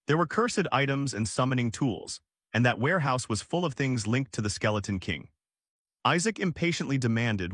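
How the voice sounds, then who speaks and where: A man narrating a story recap in a steady, even scripted reading. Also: medium pitch, normal speed, no room sound, clean studio sound.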